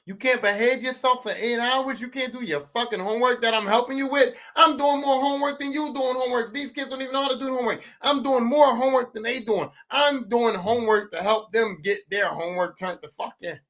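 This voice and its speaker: Philly guy in his 40s, high bright voice, cussing nonstop and repeating himself. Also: a little fast, few pauses. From West Philadelphia. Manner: animated, swearing, repeats lines for emphasis. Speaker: podcast host. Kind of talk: profane comedic monologue.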